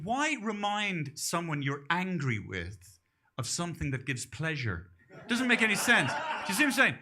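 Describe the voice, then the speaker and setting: A man's voice: high voice, very animated, normal speed, bright, forceful tone, slight background noise. A middle-aged Irish man doing a rambling, self-deprecating stand-up set on a club stage, often trailing off into mumbles. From Ireland. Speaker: stand-up comedian.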